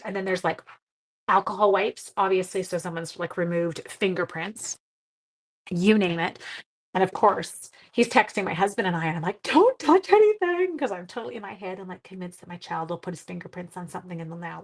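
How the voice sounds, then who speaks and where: A woman's voice: mid-range voice, poor audio. A middle-aged woman, hosting a card-making livestream and chatting with viewers while telling a rambling story. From Canada. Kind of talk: casual chat while crafting.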